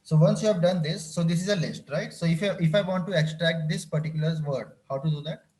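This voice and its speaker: A man's voice: fairly high pitch, quick pace, darkish tone. A man teaching a live coding class, often repeating phrases and checking whether his students follow. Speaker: instructor.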